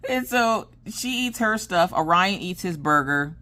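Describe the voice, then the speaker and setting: A woman's voice: fairly low pitch, unhurried. A woman in her thirties, a crafting vlogger, casually telling a family story and acting out what everyone said. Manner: animated, acts out quoted dialogue.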